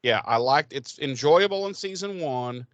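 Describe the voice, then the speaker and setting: A man co-hosting a podcast, recapping a TV episode in casual chat, swearing freely and animated. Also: on the high side, normal speed, dry recording, lo-fi sound. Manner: swearing, animated, quotes characters in put-on voices. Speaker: podcast co-host.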